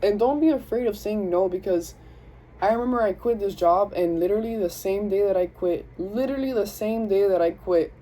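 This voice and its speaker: In a rough recording, a young woman with a Southern US accent reads tarot in a mellow, medium-pitched voice, talking a little fast. Her slangy, self-interrupting chatter is aimed at both spirit and her viewers.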